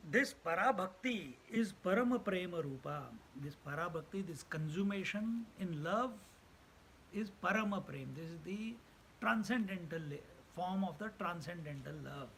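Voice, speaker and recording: A man's voice: high-pitched, animated, normal speed, a bit bright, a little hiss or hum, rough recording. A man giving a spiritual discourse as a teacher, repeating key phrases for emphasis. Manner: laughs often while telling stories.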